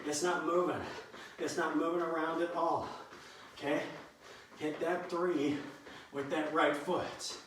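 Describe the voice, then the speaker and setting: Guy coaching exercise moves, counting reps, kinda high voice, roomy echo, mic far off. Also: little pitch movement, a little slow, pauses often, fairly bright tone. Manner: upbeat, counting out reps, joking asides. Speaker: fitness instructor. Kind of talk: live workout coaching. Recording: echoey room, mic at a distance, faint noise.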